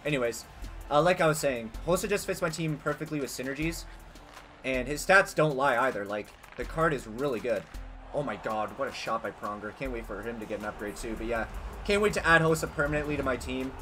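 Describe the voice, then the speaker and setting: A young man giving casual, excitable gameplay commentary as a gaming channel host, swearing and yelling at big plays. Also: mid-range voice, fairly quick, faint music behind. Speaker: gaming youtuber.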